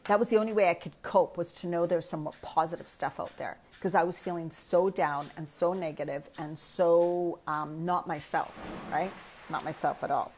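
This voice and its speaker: A woman's voice: lowish voice, steady tone, normal speed, darkish tone, a little hiss or hum. Candid, chatty woman in her fifties. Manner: candid, chatty, speaks from personal experience. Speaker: midlife health coach. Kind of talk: casual live chat answering viewer comments.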